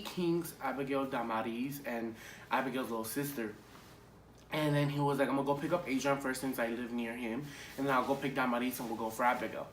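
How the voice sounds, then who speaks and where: A young man telling a casual storytime vlog in an animated, profane way, full of fillers. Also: medium pitch. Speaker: vlogger. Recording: echoey room with faint hiss.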